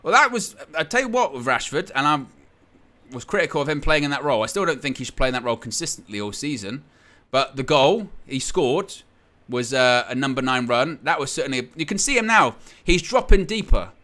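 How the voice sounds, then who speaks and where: Bright-voiced man commentating a live match. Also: mid-range voice, a little fast. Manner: excitable, surges loud at goals, then calm analysis; reads viewer chat messages aloud. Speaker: watchalong host.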